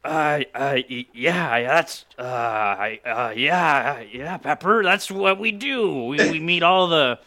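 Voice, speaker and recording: A man's voice: on the high side, expressive, slow pace, hardly any pauses, bright, forceful tone, heavily acted. A man playing a blustering pirate captain. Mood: flustered. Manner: blustery, stammering, theatrical. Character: blustering male pirate captain, proud and easily startled. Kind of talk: improvised comedy role-play.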